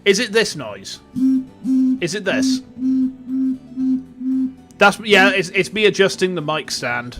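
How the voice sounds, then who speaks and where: A young man streaming as a VTuber, joking and irreverent in casual commentary, talking to his chat through a boom mic. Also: lively intonation, takes it slowly, pauses often, sharp tone, soft background music. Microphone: boom mic on a stand.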